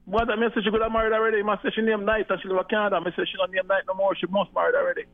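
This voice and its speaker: A man's voice: sits high, little pitch movement, very fast. A man calls in over a dull, muffled line. He rambles in patois, and his voice sits a little above most men's. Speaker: caller. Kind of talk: phone-in chat.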